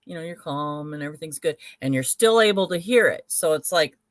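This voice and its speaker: A middle-aged woman in casual conversation, explaining things in an unhurried way with many fillers. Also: low voice, lively intonation, no room sound. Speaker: spiritual show participant. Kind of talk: casual chat.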